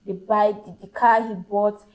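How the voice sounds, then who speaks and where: Measured woman guest on a podcast. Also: medium pitch, steady tone, a little mellow, rough recording. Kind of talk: casual podcast discussion.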